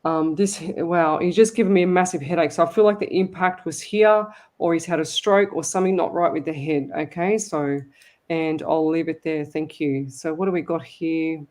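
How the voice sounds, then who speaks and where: A woman hosting a live psychic radio show, reading listener comments aloud and giving readings with hesitant pauses. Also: low-pitched, fairly even intonation, a little mellow. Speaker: psychic medium host.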